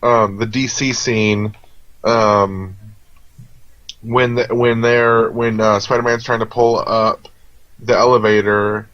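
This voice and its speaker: A man's voice: lowish voice, little pitch movement, slow, fairly bright tone, no echo. A man co-hosting a casual movie review chat, rambling along with lots of fillers and restarts. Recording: dull, lo-fi sound.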